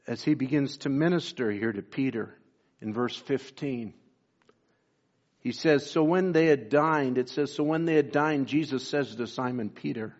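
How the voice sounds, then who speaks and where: A man preaching a sermon, pausing often with fillers and reading scripture in old-style wording. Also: medium pitch, lo-fi sound. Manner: slow, halting delivery with many fillers, reads scripture in King James wording. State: briefly emotional. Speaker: pastor.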